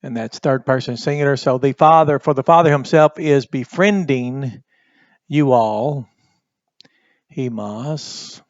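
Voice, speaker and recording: A man walks through a Bible Greek lesson at a slow, deliberate pace, stopping often on fillers as he explains. The recording is dry and a little dull, with no room sound around the voice. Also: medium pitch, dry recording.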